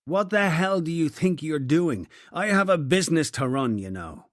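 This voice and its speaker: A man's voice: a little high, animated, moderate pace, dark tone, dry recording, studio quality, voice pushed up, natural voice. Man voicing an irate businessman snapping back. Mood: angry. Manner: snapping, indignant. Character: irate middle-aged businessman suspect.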